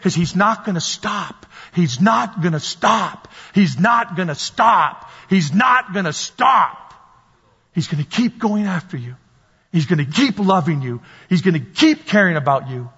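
A man preaches fervently, his voice high and husky as he drives home each point again and again. He acts out the voices of the people in his stories. The sound is dull and lo-fi, with a long reverb trailing through the hall. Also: animated, normal speed, a bit bright. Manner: impassioned, repetitive preaching, acts out quoted voices. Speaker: pastor. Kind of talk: sermon.

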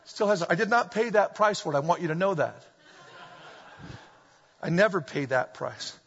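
A middle-aged man preaching a sermon, animated and full of humorous storytelling, recorded in a church hall. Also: high voice, normal speed. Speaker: pastor. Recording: dull echoey hall recording.

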